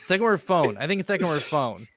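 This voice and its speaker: A player speaking in character in a tabletop game, slow and searching as they puzzle things out aloud. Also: mid-range voice, very animated, fairly bright tone, no room sound. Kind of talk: in-character tabletop role-play.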